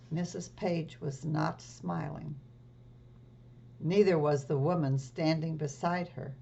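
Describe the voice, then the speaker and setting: Slow, low-voiced woman reading a storybook. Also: fairly even intonation, gravelly, muffled recording. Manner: slow, gentle explaining. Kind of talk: read-aloud for children.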